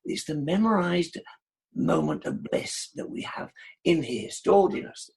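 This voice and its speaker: A man's voice: a little high, huge pitch swings, measured pace, a little mellow, breathy edge. A British man as an interview guest, talking enthusiastically and affirming the host. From United Kingdom. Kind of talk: casual interview chat.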